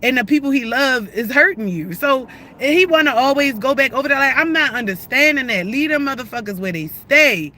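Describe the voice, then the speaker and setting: A woman's voice: sits high, expressive, brisk, few pauses, pushed and bright. A woman giving a heated, profane, rambling rant on a live stream, often restarting her sentences. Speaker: livestreamer.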